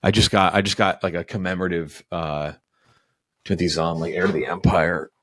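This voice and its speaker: Rambling low-voiced podcast host man. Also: steady tone, brisk, fairly bright tone, no echo, studio quality. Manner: rambling, many fillers and restarts; swears casually. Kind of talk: casual chat.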